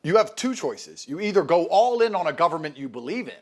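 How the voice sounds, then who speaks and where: A man's voice: a little high, very animated, a little fast. A man in casual conversation, lecturing emphatically and swearing often. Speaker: guest.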